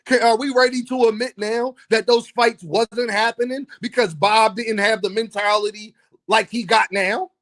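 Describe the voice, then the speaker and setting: Host: Philly man, high voice, playful, teasing, chatty vlog delivery. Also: steady tone, moderate pace, fairly bright tone. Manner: playful, teasing, laughs often, addresses viewers as y'all. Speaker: boxing commentary host. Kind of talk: casual vlog commentary.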